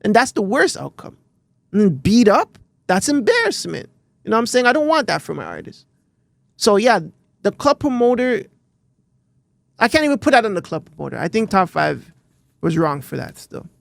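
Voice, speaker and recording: A Canadian man co-hosting a podcast, chatting casually in animated, rambling bursts with frequent restarts. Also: high voice, moderate pace, creaky, long pauses, no room sound. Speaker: podcast co-host. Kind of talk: casual chat.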